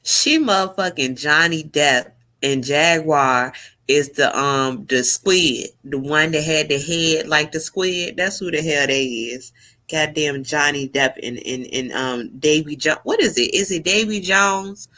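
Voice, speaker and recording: Woman, casual vlog commentary, bright forceful voice, profane, slangy, shrieking laughter. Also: deep voice, measured pace. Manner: slangy, talks straight to viewers as y'all. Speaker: YouTube commentary vlogger.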